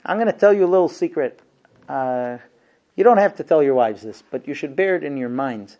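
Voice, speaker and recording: Brief: male class teacher, lively and humorous, acts out little scenes, drops to quiet earnest points. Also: fairly high pitch, a little fast, lo-fi sound. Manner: lively, acts out husband and wife exchanges with humor; shifts between quiet earnest points and loud playful asides. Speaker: teacher of a marriage class for men. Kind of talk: lecture to a class.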